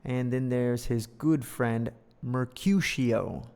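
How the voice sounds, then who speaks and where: A man's voice: medium pitch, takes it slowly, vocal fry, a little mellow, clear, resonant tone. A man giving a playful, chatty English lesson, reading through a storybook and joking about its pictures. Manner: playful, chatty, laughs often. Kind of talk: casual storybook lesson with commentary. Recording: reverberant room.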